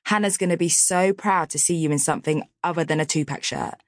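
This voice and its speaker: A catty, dry-witted young man, as a woman reading an audiobook voices him, delivered in a low, wry register close to the reader's own. The sound is close and dry, with no room around it. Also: quick pace, no room sound, natural voice. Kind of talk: audiobook character voice.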